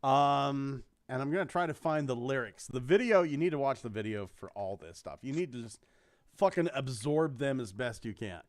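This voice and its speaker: A man's voice: medium pitch, lively intonation, normal speed. A man co-hosting a casual podcast, reading out song lyrics and viewer comments and swearing freely. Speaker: co-host.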